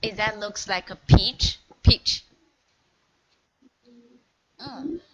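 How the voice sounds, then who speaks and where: A woman whose first language is Chinese, teaching an online one-on-one lesson in English, slow and encouraging, praising often and modelling each word clearly. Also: medium pitch, rough recording. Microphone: video call.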